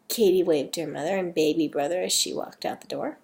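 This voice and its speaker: A woman's voice: fairly low pitch, fast, creaky, hardly any pauses, a little mellow. A woman, slightly sick, reading a fan story aloud in a casual, chatty way with self-deprecating asides.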